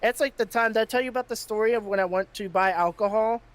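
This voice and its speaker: A man's voice: high voice, fast, clear, resonant tone. A man hosting a podcast, telling a story in casual chat and getting heated, with plenty of swearing. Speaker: podcast host.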